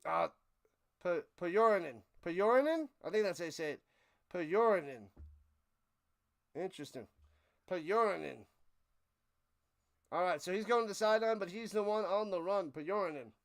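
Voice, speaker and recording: A young man with a high, smooth and clear voice calls a live football game on his stream. He jokes around, plugs a friend's channel and laughs as he fumbles a player's name. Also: normal speed, pauses often. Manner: jokey, animated, stumbles over names. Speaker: play-by-play streamer and host. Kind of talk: live play-by-play commentary.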